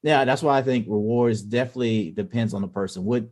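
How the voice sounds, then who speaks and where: Low-voiced rambling male podcast host. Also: quick pace, a little mellow. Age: adult parent. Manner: rambling, many restarts and filler phrases. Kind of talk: casual podcast chat.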